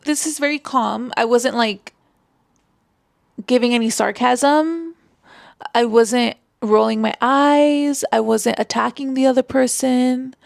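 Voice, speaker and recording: Woman giving casual relationship advice, gravelly fry, dry close sound, says like a lot. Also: high voice, a little slow, no echo. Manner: chatty, frequent "like" fillers.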